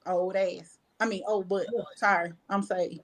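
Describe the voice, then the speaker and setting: A woman's voice: on the low side, fairly even intonation, measured pace, low-quality recording. A woman co-hosting an online talk show, blunt and bawdy in casual chat. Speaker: co-host.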